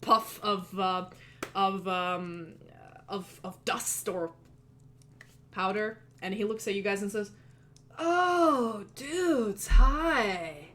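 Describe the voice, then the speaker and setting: A woman's voice: medium pitch, flat delivery, slow, long pauses, sharp tone. A woman narrating as game master in a loose, filler-heavy way.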